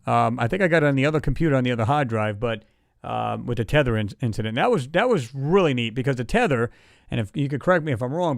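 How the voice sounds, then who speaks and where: A man's voice: mid-range voice, vocal fry, no room sound, clean studio sound. A man hosting a casual livestream chat, talking in a loose, rambling way and reading viewer comments aloud. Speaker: livestream host.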